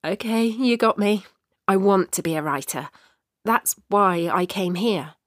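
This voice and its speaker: A woman's voice: medium pitch, measured pace, no echo, clean studio sound, natural voice. A woman reading the lines of an eager, earnest young female traveller who wants to be a writer.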